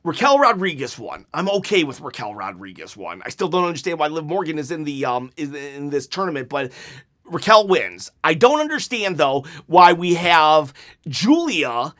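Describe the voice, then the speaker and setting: A man with a fairly high voice reviews a wrestling episode in a loose, rambling way. He leans on filler words and laughs now and then. He is sarcastic too, and slips into mocking little quotes. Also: normal speed. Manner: animated, rambling, frequent "like" fillers; sarcastic, mock-quoting wrestlers in put-on voices. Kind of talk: casual video review.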